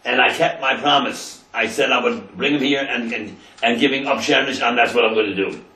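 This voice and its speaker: A man's voice: brisk, pushed and bright, roomy sound, far from the mic, natural voice, low-quality recording. A man voicing a grieving mother who pleads at a holy tomb in a rising, wailing voice. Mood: pleading. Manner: wailing plea, pitch rising sharply.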